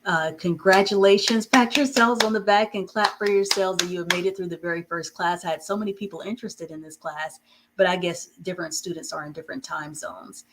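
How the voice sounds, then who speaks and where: A woman teaching a live online reading class, praising students and dictating short sentences slowly and clearly. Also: fairly low pitch, fairly even intonation, a little hiss or hum, low-quality recording. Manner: slow, encouraging, drawn-out dictation of sentences.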